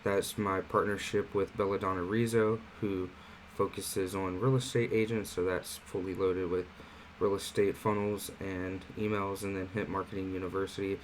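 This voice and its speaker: A man casually walking viewers through an online marketing platform in a screen-share tutorial, talking in a relaxed, conversational way with fillers. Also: low-pitched, normal speed, few pauses, a little hiss or hum, poor audio.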